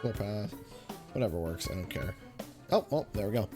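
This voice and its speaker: A man's voice: lowish voice, very animated, moderate pace, over music. A young adult man with a Canadian accent, chatty, giving live gameplay commentary and thanking viewers as a gaming streamer. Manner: chatty, thanks viewers, mutters about the game.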